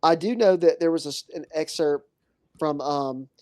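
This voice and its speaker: A man's voice: on the high side, moderate pace, a little mellow, dry recording. A man talking as a podcast guest in casual chat, rambling with many fillers.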